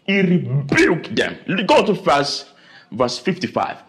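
Brief: male preacher, fiery sermon delivery, slightly high voice, very animated. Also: takes it slowly. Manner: dramatic preaching with sudden high exclamations and repetition.

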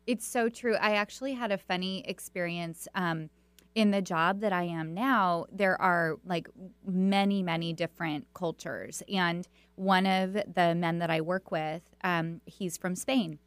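A woman's voice: fairly low pitch, steady tone, measured pace, clean tone, no room sound. A woman hosting a radio talk show, telling stories in a chatty way with lots of fillers and restarts. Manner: warm storytelling with many fillers and restarts. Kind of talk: conversational radio interview.

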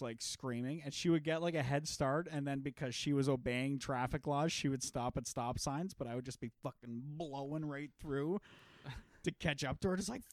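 A man co-hosting a comedy podcast tells rambling stories in a loose, profane way. He breaks into laughter often. His voice sits at a middle pitch and is recorded dry and close. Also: no room sound. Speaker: podcast co-host. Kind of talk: casual chat.

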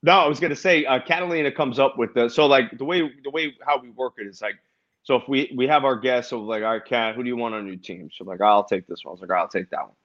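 Man, podcast guest, casual chat, loose and profane, medium pitch, dull lo-fi audio. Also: fast talker. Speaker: podcast guest, game show producer.

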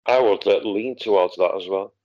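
A man's voice: fairly low pitch, normal speed, darkish tone. A man in casual chat, hesitant and agreeable, searching for words. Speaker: podcast guest. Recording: dull lo-fi audio.

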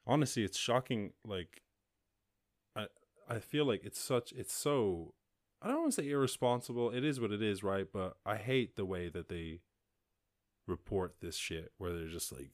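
Ranting over the news headlines on his solo podcast, an Irish host rambles, curses, laughs a lot, and keeps cutting himself off to restart. He speaks on the low side, animated and fairly quick, in a dry, studio-quality recording.

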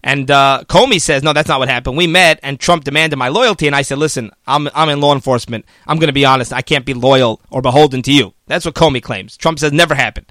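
A man's voice: mid-range voice, quick pace, hardly any pauses, sharp tone, dry recording. A man hosting a political commentary show, talking casually and argumentatively, often mocking the media with quoted voices.

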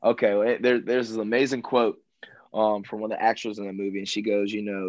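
A man's voice: on the low side, flat delivery, quick pace, no room sound, rough recording. A man talking in a laid-back way, who keeps saying "man" and "bro" and repeats himself. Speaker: guest. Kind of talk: casual conversation.

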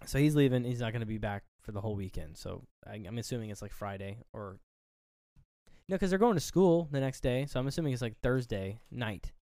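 Smooth-voiced man recapping a movie. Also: mid-range voice, animated, a little fast, dark tone, no echo, clean studio sound. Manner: recaps scenes, acting out characters' lines. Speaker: podcast co-host. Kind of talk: casual movie review chat.

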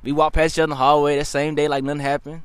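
Young man, podcast guest, quick laid-back slang, swears, dry close sound. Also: fairly high pitch, flat delivery, smooth, dry recording. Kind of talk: casual chat.

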